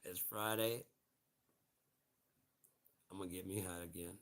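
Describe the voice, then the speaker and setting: Gravelly, profane man in his forties. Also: low-pitched, fairly even intonation, measured pace, a bit bright. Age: 40s. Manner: profane, laughing, rambling. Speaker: vlogger. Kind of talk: rambling solo vlog rant.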